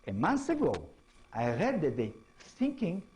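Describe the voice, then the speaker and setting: A man with an Israeli accent lecturing as an author, speaking halting English and often checking in with tag questions. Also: a little high, huge pitch swings, a little mellow, slightly rough, poor audio. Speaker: author giving a talk. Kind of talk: lecture to an audience.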